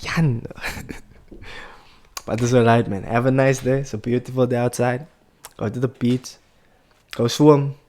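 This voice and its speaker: A man's voice: mid-range voice, steady tone, moderate pace, darkish tone. A man hosting a reaction video, talking casually and opinionated, laughing often between remarks.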